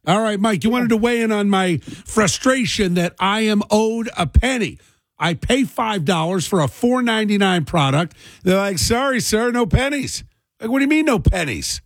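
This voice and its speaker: A man's voice: high voice, animated, normal speed, no room sound. A man hosting a call-in radio talk show, chatting casually and rambling with fillers.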